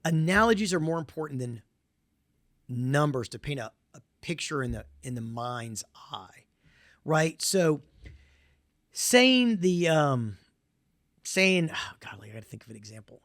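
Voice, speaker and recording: A man's voice: on the high side, animated, unhurried, pauses often, a bit bright, no room sound, studio quality. A middle-aged man with a Southern US accent, giving a conference presentation in an emphatic, repetitive way with folksy asides.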